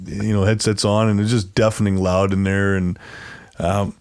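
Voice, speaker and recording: A man's voice: on the low side, flat delivery, moderate pace, a little mellow, smooth. A man casually telling a long story as an interview guest, rambling and acting out what others said, laughing often. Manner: rambling, acts out quoted voices, laughs often.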